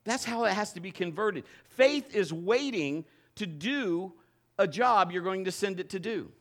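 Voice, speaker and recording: A male pastor preaching to his congregation, telling a personal story in an animated way, with self-mocking humor and frequent restarts. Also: sits high, measured pace. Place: church before a congregation.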